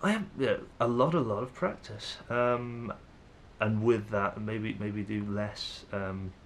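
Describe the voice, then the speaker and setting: Taking it slowly in a lowish voice, a young man from England speaks to camera as a vlogger, his English accent clear over slight background noise. His musing is rambling and hesitant, packed with fillers and restarts.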